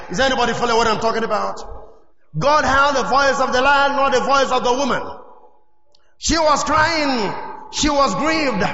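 A man's voice: high-pitched, pushed and bright. A male preacher giving a fervent sermon, often asking the congregation if they are following him. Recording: echoey hall, dull lo-fi sound.

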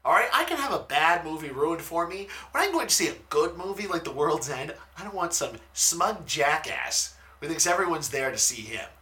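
A man in his thirties casually telling funny stories in a podcast chat, swearing freely and shouting out the lines of the people he quotes. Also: a little high, sing-song, normal speed. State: talking quietly at times because his wife sleeps.

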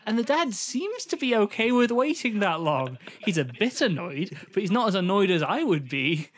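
A man's voice: high voice, very animated, slight background noise. A young man, co-hosting a casual, joking movie review chat. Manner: joking, playful, quick asides. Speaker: podcast co-host.

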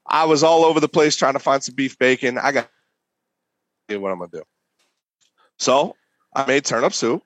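A man's voice: medium pitch, normal speed, pauses often, no room sound. A young man, a competition barbecue cook, casually telling a story and acting out the voices in it. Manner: animated, acts out voices.

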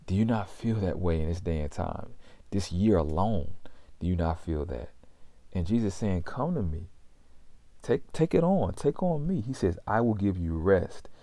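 A male pastor delivers a sermon in a very deep, mellow voice, recorded dry and close. He reads scripture aloud with its references and keeps turning to his listeners with rhetorical questions that climb in pitch. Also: moderate pace, no echo.

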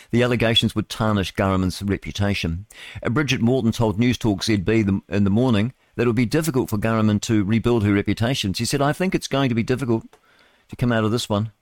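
A man's voice: lowish voice, fast, no room sound. A male radio host, reading news items and adding rambling, mocking commentary with chuckling asides. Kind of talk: solo talk radio commentary.

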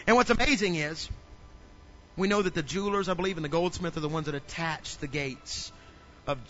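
High bright-voiced preacher, dull recording. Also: male voice, a little fast, slight background noise. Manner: dramatic, swings from loud to hushed. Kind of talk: sermon.

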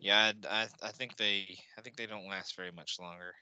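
A man's voice: low voice, fairly even intonation, a little fast, pushed and bright, smooth, no room sound. A man co-hosting a casual podcast where he watches a movie live, talking in a laid-back way and laughing often. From United States. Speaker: podcast co-host.

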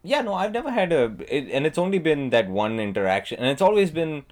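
A man's voice: fairly high pitch, very animated, fast talker, darkish tone. Rambling self-deprecating male comedian. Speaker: comedian, podcast co-host. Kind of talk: casual comedy chat.

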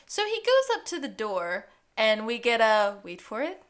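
A woman co-hosting a podcast, recapping an episode playfully and throwing in quick voices for the characters. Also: a little high, huge pitch swings, a crowd in the background. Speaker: podcast co-host. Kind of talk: casual recap chat.

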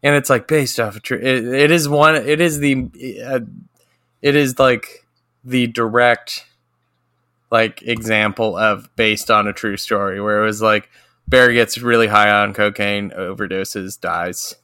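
Bright, clear-voiced chatty man. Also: fairly low pitch, steady tone, no room sound, clean studio sound. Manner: rambling, laughing storyteller, quick asides. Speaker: podcast co-host. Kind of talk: casual chat.

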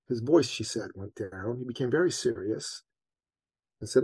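A man, a business coach, telling a personal story on a podcast in an earnest, animated way that leans on his faith. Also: medium pitch, moderate pace, vocal fry, pauses often, slightly rough, no echo. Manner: animated storyteller, acts out his own panic.

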